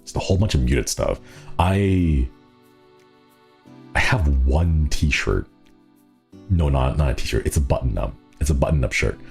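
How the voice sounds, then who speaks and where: A man's voice: a bass voice, expressive, measured pace, creaky, pauses often, a little mellow, soft background music. A young man streaming, chatting casually with viewers, rambling with frequent laughs and restarts. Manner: rambling, laughs often, many restarts and fillers. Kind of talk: casual chat reading viewer comments.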